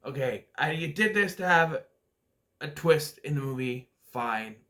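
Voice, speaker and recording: A man's voice: on the high side, lively intonation, measured pace, sharp tone. A man casually reviewing a movie for his vlog, rambling with many restarts and acting out scenes. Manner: rambling, hesitant, many restarts and acted-out quotes.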